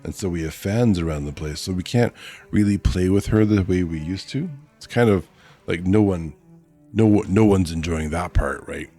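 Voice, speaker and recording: A man's voice: low-pitched, moderate pace, warm tone, breathy edge, soft background music. A man streaming a casual read-aloud of a novel, chatting in asides and correcting his own slips.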